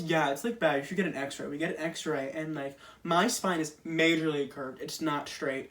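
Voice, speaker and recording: A man's voice: on the high side, recorded from a distance. Chatty young man doing stand-up, a bit off-mic. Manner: chatty, animated, self-deprecating, many fillers. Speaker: stand-up comedian. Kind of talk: casual stand-up monologue.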